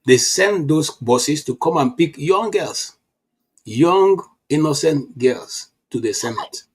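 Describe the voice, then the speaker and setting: A Nigerian man in his fifties, talking politics in a casual chat and telling animated stories full of restarts. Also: a little high, slow pace, breathy edge. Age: 50s. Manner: animated storytelling with frequent restarts.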